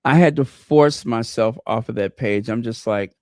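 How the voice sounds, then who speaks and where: A man's voice: medium pitch, moderate pace, a little mellow, dry recording, clean studio sound. A man hosting a casual livestream, gushing over gifts and greeting viewers by name. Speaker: channel host. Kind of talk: casual live-stream chat.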